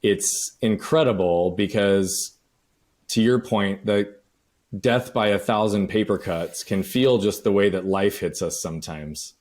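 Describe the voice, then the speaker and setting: A man hosting a podcast, asking reflective questions in a calm, affirming way. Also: fairly low pitch, unhurried. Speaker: podcast host. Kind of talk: interview questions.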